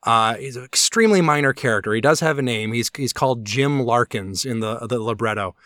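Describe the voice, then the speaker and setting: A man's voice: mid-range voice, a little fast, fairly bright tone, no room sound, studio quality. A man co-hosting a podcast, talking in a casual, enthusiastic, rambling way with many restarts and fillers. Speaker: podcast co-host. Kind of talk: casual chat.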